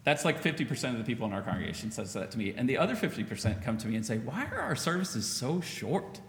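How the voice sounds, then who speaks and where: A man preaching a sermon as pastor, in a conversational, animated style, acting out what people say. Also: on the low side, rapid-fire. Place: church sanctuary. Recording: echoey church hall, faint ambience.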